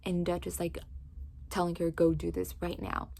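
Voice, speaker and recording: A woman's voice: on the low side, normal speed, vocal fry, a little hiss or hum. Woman eagerly recapping a book's plot. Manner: animated storytelling with frequent "like". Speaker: book reviewer. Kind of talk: casual book recap.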